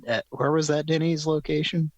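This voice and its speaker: A man's voice: a little high, fairly even intonation, moderate pace, darkish tone, dry recording, poor audio. A man hosting a live comedy show, talking in a wry, amused, rambling way. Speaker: host. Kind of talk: casual banter on a live show.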